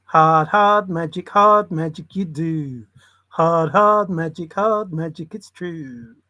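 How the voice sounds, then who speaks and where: A man doing a gruff-voiced impression of a drag diva, chanting a short sing-song line. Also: medium pitch, lively intonation, extremely slow, darkish tone, pitched below the performer's own voice, full character voice.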